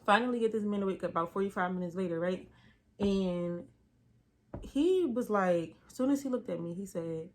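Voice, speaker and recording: A young adult woman telling a story from her job in a casual vlog, animated and slangy, with a lot of emphasis. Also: mid-range voice, normal speed.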